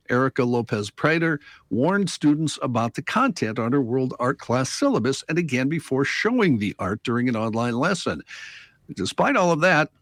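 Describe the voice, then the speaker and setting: Husky male news reader, measured radio delivery, dry booth. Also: mid-range voice, dry recording. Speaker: news reader on talk show. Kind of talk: reading news items on air.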